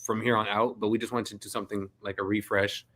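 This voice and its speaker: A man's voice: fairly low pitch, little pitch movement, fast talker, pushed and bright. A young man with a Detroit accent co-hosting a fan podcast, teasing the others and laughing often in casual chat. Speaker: podcast co-host.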